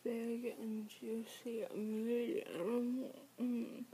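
A woman performing an adult audio role-play, teasing and sarcastic, often slipping into soft whispers. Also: fairly high pitch, level tone, very slow, slight background noise.

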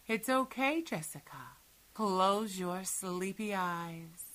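A woman in a whispered role-play, giving soothing, commanding hypnotic instructions and often sinking into breathy whispers. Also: medium pitch, animated, slow, a bit bright. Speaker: hypnosis audio performer.

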